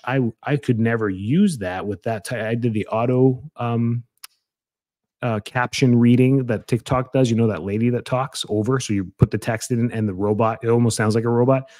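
Rambling energetic man, dry close mic. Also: mid-range voice, no echo. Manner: rambling, energetic, frequent restarts and fillers. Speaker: podcast host, chiropractor. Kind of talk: casual podcast talk.

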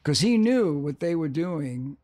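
A man's voice: on the high side, big pitch swings, a little slow, darkish tone, no echo, studio quality. An older man talking as a podcast guest, rambling, restarting and repeating for emphasis. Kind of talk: casual interview talk.

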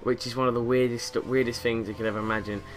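Talking fast in a flat, medium-pitched voice over music, a young gaming YouTuber from England casually commentates a racing game. He's in his bedroom with the window open, rambling and joking and occasionally doing silly voices.

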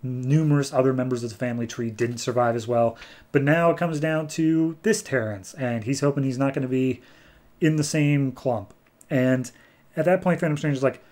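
He talks at a normal speed with a medium, somewhat mellow pitch while hosting a comics podcast. The review stays casual and chatty as he recaps plots and does short character bits.

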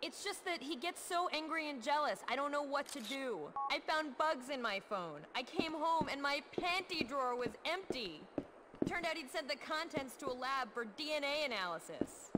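A woman's voice: high voice, expressive, moderate pace, background noise. An actress playing an anxious wife confiding about her husband in a video game. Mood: worried.

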